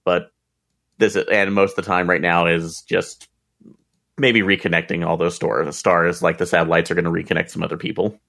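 A man's voice: low-pitched, flat delivery, moderate pace, creaky, fairly bright tone. A man playing a tabletop game, narrating his character's actions hesitantly with many fillers. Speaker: player.

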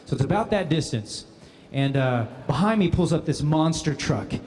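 A man telling a funny personal anecdote, animated and often laughing as he speaks. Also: on the high side, moderate pace, slight background noise. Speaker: guest storyteller. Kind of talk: comic anecdote.

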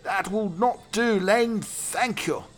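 A man's voice: high-pitched, slow, voice pushed up. A man doing a drawling, indignant Victorian toff.

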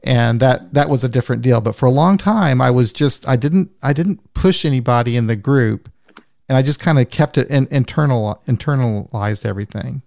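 A man's voice: mid-range voice, moderate pace, vocal fry, a little mellow, no room sound, studio quality. A man hosting an interview, speaking candidly and asking thoughtful follow-up questions. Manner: candid, thinks aloud, asks follow-up questions. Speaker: podcast host. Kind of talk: conversational interview.

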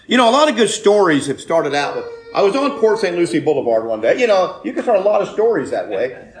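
A man preaching a sermon, telling a personal story with loud emphatic bursts and quiet asides. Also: fairly high pitch. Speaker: pastor.

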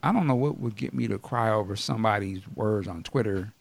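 A man hosting a podcast in casual chat, blunt and animated, often laughing and asking questions. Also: lowish voice, fairly quick, gravelly. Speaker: podcast host.

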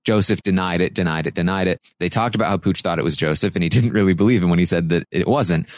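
A man's voice: low-pitched, no room sound, studio quality. A man hosting a podcast, casually recapping a reality show and paraphrasing what the houseguests said, with plenty of fillers. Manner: retells houseguests' talk in quick paraphrased quotes, with fillers.

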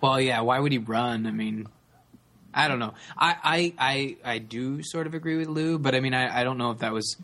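Halting man repeating himself in chat. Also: mid-range voice, sharp tone. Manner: halting, repeats words, fillers. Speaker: podcast co-host. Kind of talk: casual chat.

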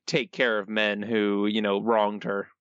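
A man co-hosting a podcast, recapping an episode in a laid-back, deadpan way. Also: fairly low pitch, a little slow, clear, resonant tone, no room sound, highs cut off. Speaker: podcast co-host. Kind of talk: casual chat, recapping an episode.

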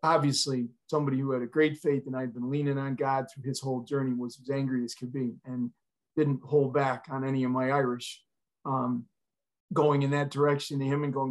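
A man's voice: mid-range voice, flat delivery, a little fast. Earnest middle-aged man telling a story. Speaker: retired fire chief, podcast guest. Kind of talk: personal storytelling.

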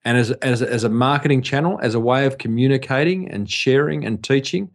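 A man's voice: mid-range voice, a little fast. A man with an Australian accent, co-hosting a business podcast in casual chat, telling stories and laughing often. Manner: chatty storyteller, laughs often. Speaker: podcast co-host.

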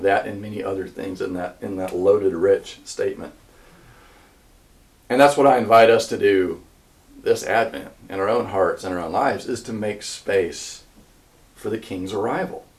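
Man, low voice, earnest conversational sermon, mic a little distant. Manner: earnest, conversational, with frequent restarts. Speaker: church minister.

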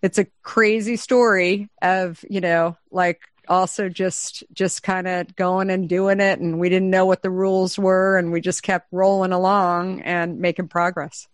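A woman's voice: lowish voice, a little slow, hardly any pauses, dry recording. Chatty storytelling woman, dry sound. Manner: chatty, lively, many fillers, acts out quotes. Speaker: company founder, interview guest. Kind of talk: anecdotal storytelling in conversation.

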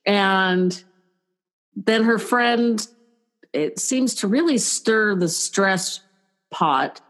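A woman from California speaks in an easy, middle-pitched voice. She is chatty and lightly self-mocking, and she drifts into joking complaints in casual conversation. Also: drawn-out words, a bit bright. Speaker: guest, caregiver.

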